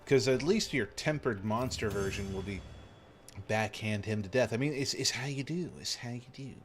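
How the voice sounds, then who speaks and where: A man commentating casually while live-streaming a game, playful and rambling, with sudden excited yelps. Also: mid-range voice, moderate pace, soft background music.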